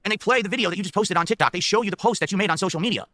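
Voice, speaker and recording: A man's voice: high-pitched, very fast, bright, forceful tone, dry recording. A man ranting to his viewers, building an emphatic hypothetical and checking in with them. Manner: emphatic, keeps checking in with the audience. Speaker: online streamer.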